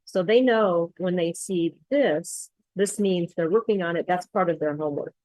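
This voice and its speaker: Female accent coach, low-pitched, dry close sound, explanatory screen-share walkthrough. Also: normal speed, dry recording, poor audio. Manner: explanatory, steady, with frequent ums.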